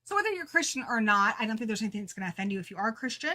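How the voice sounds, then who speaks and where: A woman's voice: fairly high pitch, sing-song, racing, pushed and bright. A woman co-hosting a book club chat, talking casually and animatedly and often laughing at herself.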